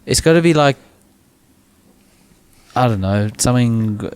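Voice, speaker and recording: A man's voice: medium pitch, lively intonation, a little slow, darkish tone, clean tone, no room sound. A man co-hosting a podcast in casual banter, rambling and restarting his sentences as he jokes around. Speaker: podcast co-host.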